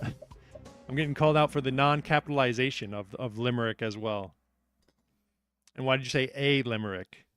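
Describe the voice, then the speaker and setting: A man's voice: mid-range voice, normal speed, long pauses, fairly bright tone, smooth, no room sound, faint music behind. A man hosting a live trivia night, upbeat and joking, reading out questions and answers and teasing the players. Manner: upbeat, joking, self-deprecating.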